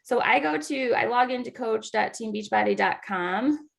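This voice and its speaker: A woman's voice: on the high side, normal speed, gravelly. A woman coaching new team members on a video call, talking in a chatty way with many fillers. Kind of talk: casual training talk over a video call.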